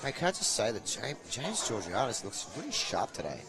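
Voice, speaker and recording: A man hosting live pool commentary from a commentary box, chatty and playful, with shout-outs to viewers. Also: mid-range voice, wildly swooping pitch, brisk.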